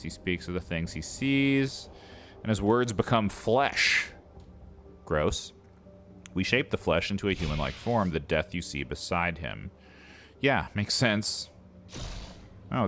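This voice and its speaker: A man's voice: low-pitched, a bit bright, a little hiss or hum. A man giving wry, sardonic commentary while streaming a game. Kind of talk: let's-play commentary.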